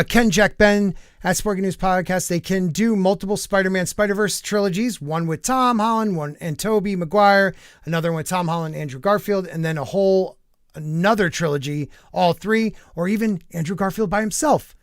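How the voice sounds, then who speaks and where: A man's voice: high-pitched, moderate pace, no echo, studio quality. A man hosting a live podcast, reading entertainment news aloud and rambling through his thoughts with lots of fillers. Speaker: podcast host. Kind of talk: casual live-stream news commentary.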